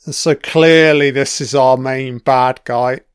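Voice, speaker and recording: A man's voice: mid-range voice, steady tone, slow, clear, resonant tone, dry recording, clean studio sound. A man giving a casual, profane commentary while watching a TV series, chatty and reacting as he goes. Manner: sweary, chatty, reacting to the screen.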